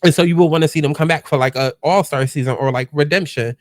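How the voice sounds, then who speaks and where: A man's voice: a little high, fast talker, no echo, studio quality. A man hosting a casual reaction commentary, chatty and exclamatory as he talks straight to his viewers. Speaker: host.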